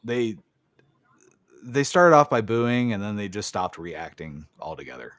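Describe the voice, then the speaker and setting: A man's voice: fairly low pitch, unhurried, a bit bright, no room sound, studio quality. A man hosting a podcast, recapping a wrestling match in casual chat and swearing freely. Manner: swears freely, blunt opinions. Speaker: podcast host.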